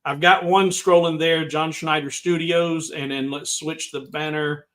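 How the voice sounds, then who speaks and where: A man's voice: a little high, fairly even intonation, unhurried, a bit bright. Rambling man hosting a livestream. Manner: rambling, talks to chat viewers by name. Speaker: livestream host. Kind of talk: casual livestream chat.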